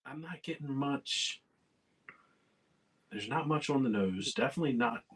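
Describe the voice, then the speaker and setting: A man's voice: mid-range voice, animated, a little slow, a bit bright, slightly rough. A man guest on a live tasting stream, hesitant and dryly joking. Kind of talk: casual tasting chat.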